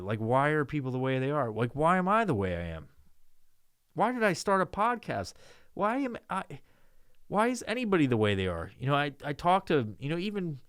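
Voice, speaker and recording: A middle-aged man from New York rants on his own podcast, swearing constantly and wandering between crude jokes. His voice is smooth and resonant at a middle pitch, heard close and dry with no room sound. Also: no room sound. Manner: profane, rambling, crude joking. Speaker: podcast host. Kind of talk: solo podcast rant.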